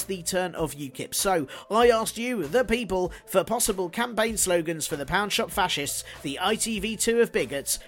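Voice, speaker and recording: Male podcast host with a high-ish voice, dry sardonic delivery, faint music behind. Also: fairly bright tone. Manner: sardonic, jokey asides. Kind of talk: scripted solo podcast segment.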